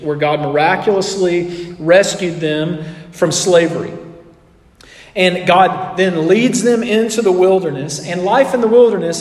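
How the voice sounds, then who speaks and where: A man's voice: high-pitched, darkish tone, echoey room, big-room sound. A man preaching a sermon in a conversational way, asking the audience questions and acting out quotes. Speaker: pastor.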